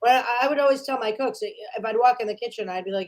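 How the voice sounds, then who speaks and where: Chatty woman chef, lively quotes. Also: on the high side, quick pace. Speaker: chef and guest cohost. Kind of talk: casual podcast chat.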